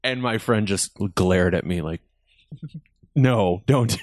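A young man co-hosting a movie podcast, relaxed and a bit hesitant, with frequent fillers. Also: sits low, normal speed, no room sound, studio quality. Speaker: podcast co-host. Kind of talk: casual chat.

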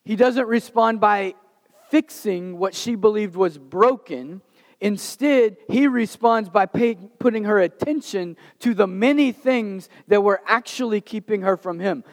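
Guy preaching, chatty storytelling, kinda high voice, long hall reverb. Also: unhurried. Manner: storytelling, animated, conversational. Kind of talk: sermon.

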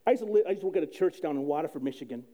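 A man preaching a sermon as pastor, telling stories with animated swings between soft, hushed moments and loud outbursts. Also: fairly high pitch, racing. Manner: animated storytelling with sudden soft drops and loud quoted outbursts.

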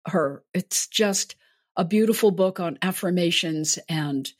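A woman's voice: on the low side, a little slow, husky. A woman hosting a podcast in casual chat, affirming and reflective. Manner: warm and affirming, frequent "mm-hmm".

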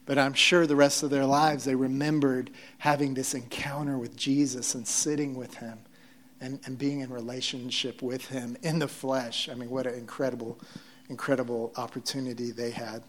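A man's voice: medium pitch, flat delivery, normal speed, fairly bright tone. A man preaching a sermon in a conversational, joking way, often restarting his sentences. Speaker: pastor.

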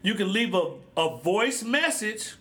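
This solo podcast episode features a high, bright-voiced male host ranting at a measured pace. He's blunt and lively, and his slang-filled delivery into the podcast microphone sounds like an easygoing chat.

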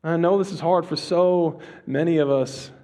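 A male pastor giving a sermon in a relaxed, conversational way, with slang and restarts, dropping to a slow hush on key phrases. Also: a little high.

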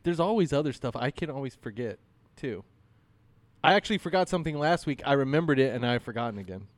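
A man's voice: mid-range voice, animated, fast talker, no room sound. A middle-aged man hosting a podcast in casual chat, teasing and wisecracking. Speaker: podcast host.

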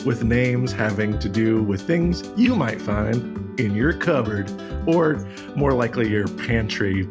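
A man's voice: medium pitch, lively intonation, slow, over music. A man hosting a trivia podcast, rambling and self-amused in casual banter. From Southern United States. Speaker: trivia host.

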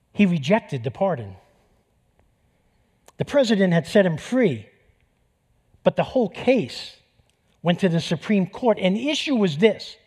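A man with a New York accent preaching a sermon, animated and building to emphatic peaks. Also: high voice, breathy edge. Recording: long hall reverb.

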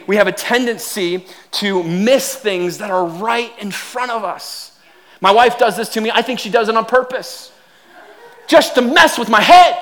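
A man preaching a sermon, animated and self-deprecating, telling funny everyday stories and often repeating words. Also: sits high. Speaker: pastor. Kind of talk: sermon with humorous storytelling.

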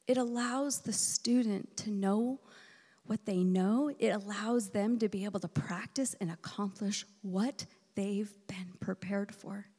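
A woman preaching a sermon in a church, telling a personal story, moving between loud emphasis and hushed near-whispers. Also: mid-range voice, unhurried. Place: church sanctuary. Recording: echoey hall reverb.

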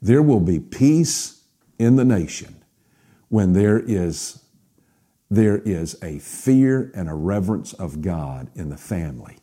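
A man delivers a sermon in a low, mellow voice with a husky edge. He swells into emphatic lines and sinks to near hushes. A faint guitar plays softly behind him. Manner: preaching with rising emphasis and hushed drops. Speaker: pastor.

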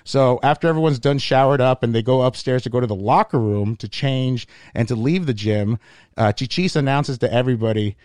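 Male comedian, mid-pitched, crude animated storyteller, dry close sound. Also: brisk, dry recording. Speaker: comedian podcast host. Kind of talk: casual storytelling chat.

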